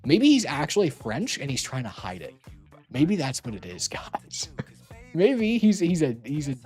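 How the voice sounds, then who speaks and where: Young streamer rambling to chat, teasing and swearing, pitch bouncing all over, faint music behind. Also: huge pitch swings, unhurried, a little mellow. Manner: teasing, laughs often, swears casually.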